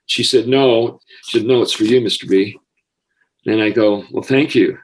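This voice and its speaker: A man's voice: on the low side, moderate pace, poor audio. Heartfelt older American man telling a story. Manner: heartfelt, gets emotional easily. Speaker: guest, former school counselor. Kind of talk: personal storytelling.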